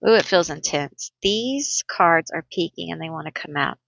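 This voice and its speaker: A woman's voice: deep voice, lively intonation, moderate pace, vocal fry, fairly bright tone, no room sound, highs cut off. A woman doing a casual tarot card reading for viewers, chatty and emotional, thinking aloud as she pulls cards. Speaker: tarot reader.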